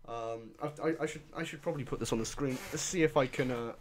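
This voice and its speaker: A man's voice: medium pitch, fast talker. Crude sarcastic young man. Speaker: podcast host. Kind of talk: casual chat.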